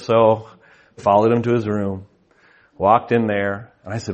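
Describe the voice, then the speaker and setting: A man's voice: lowish voice, fairly quick. A man in his thirties giving a sermon at a conference, telling family anecdotes casually with many restarts and self-deprecating humor. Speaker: conference speaker.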